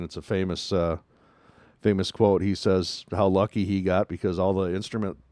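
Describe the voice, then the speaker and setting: A man's voice: low-pitched, darkish tone, dry recording. A man hosting a news commentary show. He talks emphatically and repeats his points for stress. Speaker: show host.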